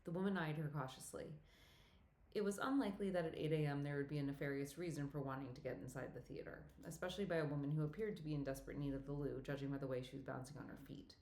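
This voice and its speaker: A woman reading a romantic comedy novel aloud as audiobook narrator, in a steady, even storytelling manner. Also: low voice, fast talker. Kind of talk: scripted narration. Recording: roomy echo.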